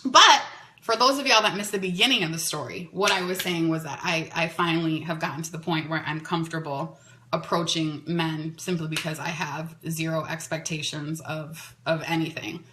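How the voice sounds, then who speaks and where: Woman, podcast host, casual storytelling, chatty, bright tone, echoey room. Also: low-pitched, moderate pace, slight background noise. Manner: chatty, animated, many "like"s.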